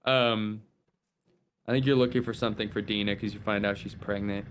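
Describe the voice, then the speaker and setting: A male streamer in casual chat, animated, swearing often and putting on voices as he retells a game. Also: lowish voice, a little fast, a little hiss or hum.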